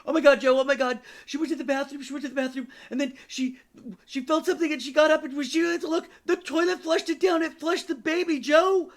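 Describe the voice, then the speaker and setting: A man's voice: very high-pitched, fairly even intonation, fast talker, pitched above the performer's own voice. A man doing a shrieking panicked woman. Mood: hysterical. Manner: screaming, repeating herself breathlessly. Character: frantic, shrieking woman hospital coordinator.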